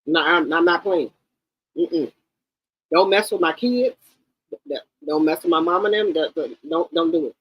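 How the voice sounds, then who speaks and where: A woman's voice: fairly low pitch, a little slow, pauses often, lo-fi sound. Blunt fifty-something woman. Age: 50s. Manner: blunt, emphatic, repeats words. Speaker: livestream host. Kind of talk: unscripted livestream commentary.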